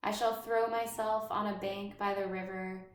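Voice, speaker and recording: A woman voicing a homesick schoolgirl who longs for the countryside, reading in a measured, even way. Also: mid-range voice, natural voice. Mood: longing. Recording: roomy echo.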